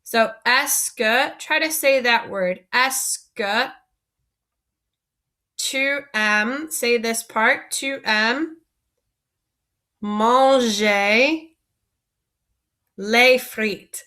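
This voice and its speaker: A woman's voice: fairly high pitch, very slow, pushed and bright. A woman teaching a French vocabulary lesson, patiently asking learners to repeat words after her.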